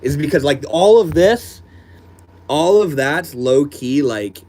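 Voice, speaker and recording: A man's voice: on the high side, expressive, takes it slowly, a little mellow. A man live streaming from his desk at home, chatting casually and reading out viewer comments in a laid-back, slangy way. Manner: laid-back and slangy, calls people bro and dude.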